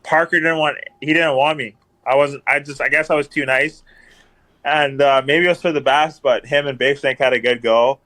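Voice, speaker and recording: This podcast guest, a hockey enforcer, shares casual stories in a rambling manner full of ums and repeated phrases. He speaks at normal speed in a mid-range, slightly bright voice with fairly even intonation.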